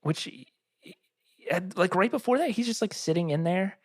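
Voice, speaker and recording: A man's voice: high-pitched, animated, normal speed, dry recording, clean studio sound. A man co-hosting a film podcast, describing scenes in a laid-back, casual way. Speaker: podcast co-host. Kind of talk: casual chat.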